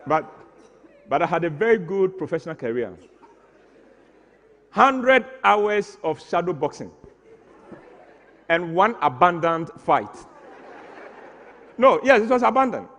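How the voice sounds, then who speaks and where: An animated man in his sixties performs a comic stage story and acts out each moment with mock drama. His voice sits a little high for a man, and it rings with a long reverb through a theatre. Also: slow pace, long pauses. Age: 60s.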